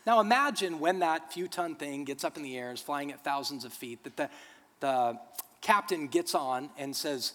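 Higher-voiced male preacher in a reverberant hall. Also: lively intonation, moderate pace. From United States. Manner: earnest teaching that swells into loud, emphatic bursts, with humorous stories. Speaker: pastor. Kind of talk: sermon. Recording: long reverb of a large hall.

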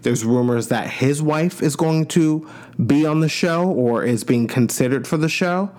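A man's voice: fairly high pitch, a little slow, a little mellow. Chatty gossiping man from Long Island. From Long Island, New York. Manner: chatty, gossipy, playful asides. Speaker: podcast host. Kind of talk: casual reality-TV recap.

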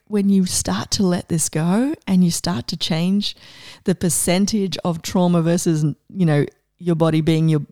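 A middle-aged woman coach giving a casual, enthusiastic inspirational talk, animated and laughing often. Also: fairly low pitch, no room sound, studio quality.

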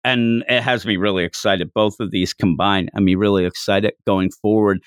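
A man co-hosting a casual podcast about comics, talking with animated energy, laughing often and acting out quoted lines in a raised voice. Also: lowish voice, moderate pace, clear, resonant tone, no echo, clean studio sound. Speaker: podcast co-host. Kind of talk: casual chat reviewing manga.

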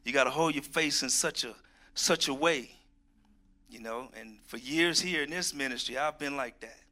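A man's voice: medium pitch, moderate pace. A middle-aged man preaching a sermon, reading scripture and joking folksily with his congregation. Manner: folksy and animated, reads scripture, jokes with the congregation.

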